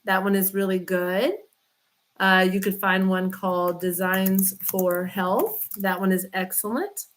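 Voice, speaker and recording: A woman's voice: mid-range voice, fairly even intonation, a little slow, a little hiss or hum. A woman, a chiropractor chatting casually on a livestream, rambling and greeting viewers by name. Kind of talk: casual livestream chat reading comments.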